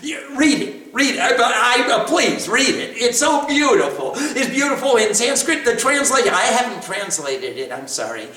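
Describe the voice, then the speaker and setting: A man's voice: very high-pitched, sing-song, normal speed, hardly any pauses, pushed and bright, distant mic. A man giving a spiritual talk as teacher, telling stories animatedly and laughing often. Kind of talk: devotional talk with questions. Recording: echoey room, away from the mic.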